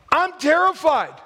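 A man's voice: extremely high pitch, pushed and bright, voice pushed up, heavily acted. A man voicing a frightened, despairing young man who pleads and complains in a raised, whiny voice.

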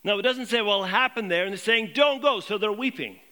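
A man preaching a sermon to his congregation, posing questions and dropping low and quiet on key points. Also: fairly quick. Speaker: pastor.

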